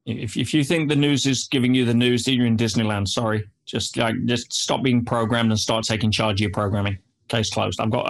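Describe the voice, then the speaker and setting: A man speaking as an interview guest, telling stories animatedly and dropping in frequent "yeah"s and "you know"s. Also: on the low side. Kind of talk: interview storytelling.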